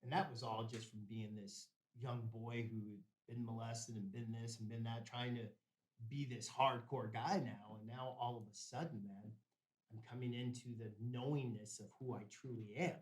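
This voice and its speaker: A man of ordinary pitch recounts a story as a guest on a talk show. He speaks loosely and casually, tossing in "man" and "bro" as he goes. The sound carries a noticeable roomy echo. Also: fairly even intonation, moderate pace, distant mic. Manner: laid-back, peppers speech with "man" and "bro". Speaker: podcast guest.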